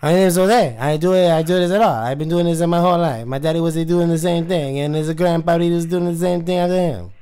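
A brash young job hunter with a heavy put-on accent, a man doing the voice for a prank phone call. He talks bluntly and pushes to reach the boss, in a slightly raised, clean and smooth voice. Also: fairly high pitch, fast talker, few pauses, warm tone, pitched above the performer's own voice, close to an everyday voice. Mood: eager. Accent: Spanish-tinged put-on accent. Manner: blunt, pushy, swearing.

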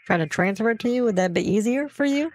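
A man's voice: high-pitched, lively intonation, fast talker, pitched above the performer's own voice. A man voicing a sassy, talkative older woman who feigns confusion and keeps calling the caller honey. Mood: pleading helpful. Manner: chatty, feigns confusion, calls him honey. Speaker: scam baiter.

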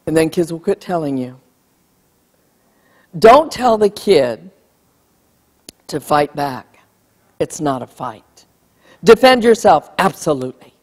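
Her voice is deep and darkish, sing-song and slow, with long pauses between phrases. The woman is giving an emphatic keynote on bullying to a live audience and acting out what parents and kids say, recorded with long hall reverb.

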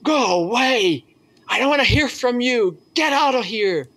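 A man's voice: medium pitch, measured pace, lightly acted, poor audio. A man doing a furious condemned prisoner. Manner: shouting, hostile. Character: angry condemned male prisoner, defiant.

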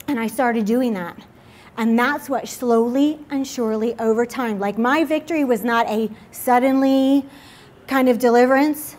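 Young woman, slightly high voice, earnest confessional testimony delivered as a sermon. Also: moderate pace, a little mellow. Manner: earnest and confessional, many fillers like "like". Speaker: speaker at a church midweek service.

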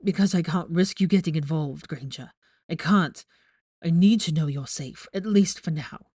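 A woman reading a frantic teenage boy wizard who pleads in an urgent, hushed voice. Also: low-pitched, moderate pace, breathy edge, dry recording, clean studio sound.

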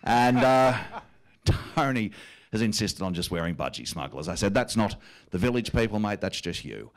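On stage, an Australian-accented comedian with a fairly low, animated voice at normal speed does an impression of a pompous, self-satisfied wealthy prime minister. He speaks in a smug, drawling, self-amused way.

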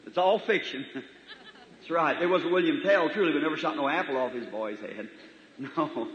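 A man preaching a sermon in a church hall, folksy in manner, swinging from loud to soft. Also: sits high. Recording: echoey hall, dull 1950s tape recording.

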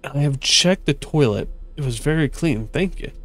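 A man's voice: on the high side, animated, normal speed, pitched above the performer's own voice, close to an everyday voice. A man putting on an Irish-tinged ogre boss. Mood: calm. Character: male ogre hotel owner, gruff, evasive.

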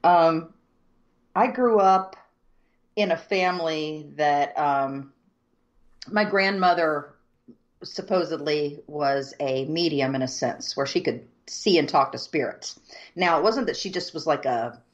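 A woman from the southern United States with a very low voice, telling a story at an unhurried pace with plenty of ums. The audio is dull and lo-fi. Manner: measured, many ums, descriptive. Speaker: co-host. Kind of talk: casual chat, storytelling.

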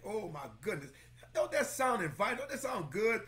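A male pastor teaching scripture with a high, swooping voice that rises and falls dramatically. He exclaims constantly, calls out congregants by name and repeats key phrases for emphasis. Now and then he breaks into a line of a song. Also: big pitch swings, normal speed, a bit bright. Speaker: pastor teaching Bible study. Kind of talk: lively sermon-style Bible lesson.

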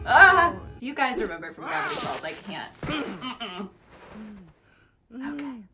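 A woman's voice: a little high, very animated, measured pace, distant mic. Giggly young woman reacting to a cartoon. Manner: giggly and gushing. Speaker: reaction video host. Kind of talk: reaction commentary. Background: cartoon soundtrack and music playing.

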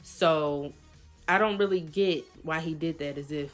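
A young woman vlogger telling a lively storytime in casual slang, acting out what people said. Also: deep voice, unhurried, faint music behind. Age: young adult. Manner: animated, slangy storytelling with quoted voices. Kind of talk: storytime vlog.

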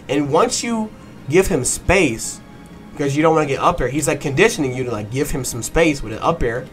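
A man giving a fast, excited play-by-play breakdown of a fighting game match, swearing and breaking into excited bursts. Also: fairly high pitch, soft background music. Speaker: match analyst.

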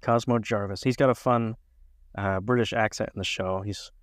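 A man co-hosting a podcast in casual chat, loose and rambling, quick to laugh. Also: fairly low pitch, steady tone, no room sound, studio quality. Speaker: podcast co-host.

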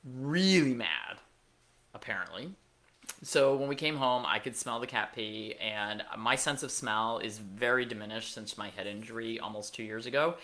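A woman's voice: extremely low pitch, normal speed, fairly bright tone. A middle-aged woman hosting a pet podcast, telling a casual story with wry asides and plenty of fillers. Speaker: veterinarian podcast host.

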